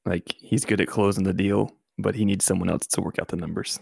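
Man, tabletop player, low voice, gravelly, dry sound, easygoing. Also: level tone, a little fast, a little mellow, dry recording. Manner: easygoing, helpful with the setup. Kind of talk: casual chat in a tabletop game session.

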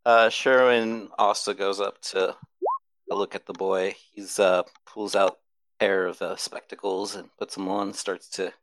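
A man's voice: sits low, flat delivery, measured pace, fairly bright tone, no echo, low-quality recording. A man playing a tabletop game, describing his character's actions with hesitant fillers. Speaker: player. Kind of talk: casual tabletop play.

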